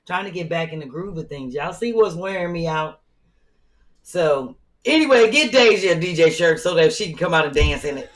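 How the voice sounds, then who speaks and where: A woman co-hosting a comedy podcast in casual chat, telling animated stories and acting out what people said. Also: on the low side, normal speed, low-quality recording. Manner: animated storytelling, acts out quotes. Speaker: podcast co-host.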